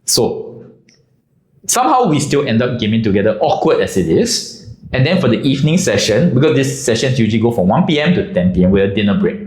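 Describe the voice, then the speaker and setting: A man telling a comic story in a casual, animated way. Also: medium pitch, fast talker, roomy sound, poor audio. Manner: animated, drops into character voices.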